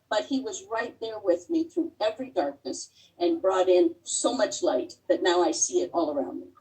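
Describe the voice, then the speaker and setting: A middle-aged woman giving a heartfelt personal talk as a guest speaker over a video call, pausing often with fillers. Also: on the high side, recorded from a distance, poor audio. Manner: earnest and heartfelt, with many pauses and fillers.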